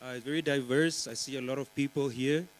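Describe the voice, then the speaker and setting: A man's voice: mid-range voice, fairly even intonation, a little fast, a little hiss or hum, rough recording. A young man from Namibia, performing a rambling stand-up comedy set at a conference and teasing the crowd. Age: young adult. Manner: chatty, rambling, teasing the crowd with lots of fillers. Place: conference stage before a live audience.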